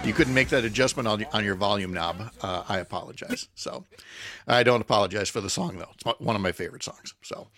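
A man's voice: lowish voice, fast talker, a bit bright, dry recording. A man hosting a morning radio talk show, chatting casually and rambling with restarts. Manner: rambling, self-correcting, chatty. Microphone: studio microphone.

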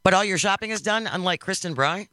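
Bright-voiced man hosting radio chat. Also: high-pitched, fast, no room sound, clean studio sound. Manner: friendly, rambling with restarts. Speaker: radio show host. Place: radio studio. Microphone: studio microphone.

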